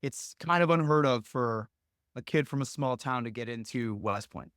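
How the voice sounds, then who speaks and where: A man's voice: mid-range voice, normal speed, a bit bright, clear, resonant tone, no echo, studio quality. A young adult man telling coaching stories in casual podcast talk, earnest and rambling with many fillers. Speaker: lacrosse coach, podcast guest.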